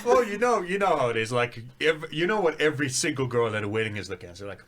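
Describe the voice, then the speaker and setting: Man, podcast co-host, wry, deadpan, lively pitch, noisy recording. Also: fast, hardly any pauses. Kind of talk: casual chat.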